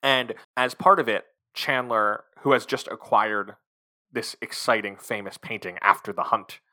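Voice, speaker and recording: A man co-hosting a casual movie-review podcast, wry and quick to laugh. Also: lowish voice, bright, forceful tone. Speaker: podcast co-host.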